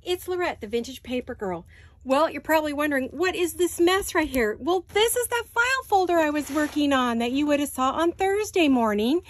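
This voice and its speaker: High-voiced chatty woman crafting vlogger. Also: sing-song, a little fast, dry recording. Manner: chatty and gushing, with sighs and little laughs. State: out of breath. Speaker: crafting channel host. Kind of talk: casual crafting chat to camera. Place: home craft studio.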